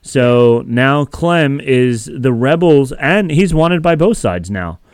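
Smooth-voiced man recapping a show. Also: mid-range voice, expressive, slow pace, dry recording, studio quality. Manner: rambling, filler-heavy storytelling. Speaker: podcast co-host. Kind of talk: casual recap chat.

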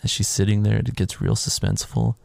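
Gravelly low-voiced man retelling a film. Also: fast talker, dry recording. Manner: animated, acts out characters' lines in higher voices. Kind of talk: casual chat, retelling a film.

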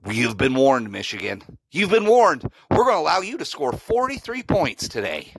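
A self-important coach who bellows his boasts, high and lively, as a man mocks him in a put-on voice. The voice sits well above the speaker's own and swings widely in pitch. It is recorded dry and close. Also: normal speed, husky, no room sound, heavily acted, poor audio. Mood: mocking bluster. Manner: shouting, mocking, self-important. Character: boastful blustering male football coach.

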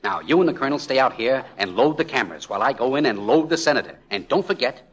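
A man's voice: medium pitch, animated, fast talker, breathy edge. An actor playing a young man framed by crooks who schemes his way out, in a 1940s radio comedy. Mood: scheming.

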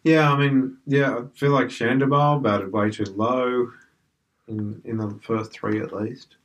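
A man co-hosting a casual cricket podcast, chiming in with quick, easygoing remarks. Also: mid-range voice, fairly even intonation. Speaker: podcast co-host. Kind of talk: casual chat.

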